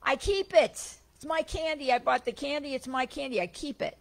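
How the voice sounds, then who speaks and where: A woman voicing a loud male heckler in a crowd who jeers and makes indignant demands. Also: sits high, moderate pace, creaky, voice pushed up.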